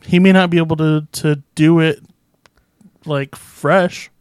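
Male co-host, playful and deadpan, crisp tone, dry close mic. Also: a little high, slow, dry recording. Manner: playful, deadpan joking wordplay. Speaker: podcast co-host. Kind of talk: casual chat about movies.

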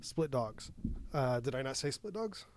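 A man co-hosting a casual movie podcast, excitable, swearing freely and laughing a lot. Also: medium pitch, unhurried, slight background noise. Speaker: podcast co-host. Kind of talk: casual movie review chat.

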